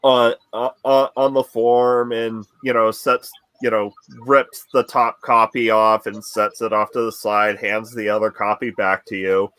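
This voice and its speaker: A man narrating as game master in a tabletop game, halting often and restarting his sentences. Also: fairly low pitch, flat delivery, fairly bright tone, clear, resonant tone, no echo. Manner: halting, many fillers and restarts.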